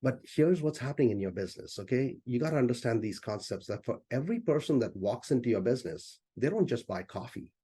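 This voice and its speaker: A man's voice: medium pitch, lively intonation, quick pace, hardly any pauses, dark tone, slightly rough. A man as a business coach, teaching in a loose, conversational way during an online session and often saying "you know".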